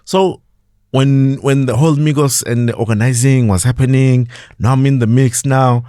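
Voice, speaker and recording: Podcast guest: South African man, lively storyteller, close dry studio sound, mid-range voice. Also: mid-range voice, moderate pace, no room sound. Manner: animated, acts out quoted voices, laughs often. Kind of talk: casual storytelling interview.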